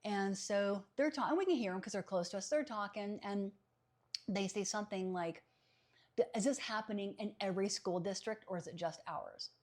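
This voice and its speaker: Animated woman telling a story. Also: medium pitch, normal speed. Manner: animated, laughs often, acts out quoted voices. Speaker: psychic medium guest. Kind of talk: casual conversational storytelling.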